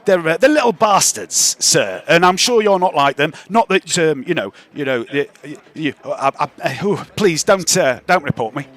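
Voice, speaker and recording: A man's voice: a little high, lively intonation, moderate pace, few pauses, a bit bright. A man voicing a pompous, bigoted town guard who stammers and grovels with constant "sir"s. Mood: fawning. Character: pompous, bigoted male town guard, fawning when scared.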